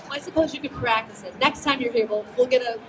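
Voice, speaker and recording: A woman hosting a live stage interview. She asks questions in an upbeat, quick way. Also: on the high side, a crowd in the background, background noise. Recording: distant mic with loud music behind. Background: music.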